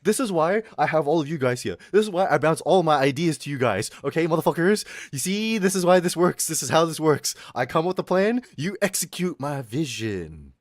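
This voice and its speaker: Animated swearing young male streamer. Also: on the high side, brisk, few pauses, no room sound, clean studio sound. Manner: loud, swearing, laughing, animated ranting. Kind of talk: casual stream chat reading chat.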